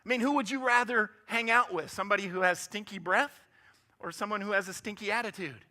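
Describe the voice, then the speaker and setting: A man's voice: high-pitched, brisk, pushed and bright. A man giving a motivational guest talk in church, upbeat and joking, often asking the audience questions. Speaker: guest speaker. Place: church sanctuary.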